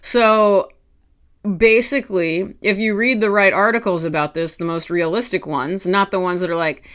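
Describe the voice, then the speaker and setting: Woman artist venting on her vlog from home, smooth clear voice, keeps tripping over herself. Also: medium pitch, moderate pace. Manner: animated ranting with restarts and asides. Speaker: artist vlogger. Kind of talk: casual talk to camera.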